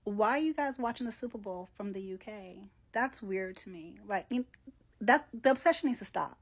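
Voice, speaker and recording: Gravelly woman scolding her viewers. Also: medium pitch, lively intonation, moderate pace. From Nigeria. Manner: opinionated, scolding, with sighs and laughs. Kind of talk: commentary video.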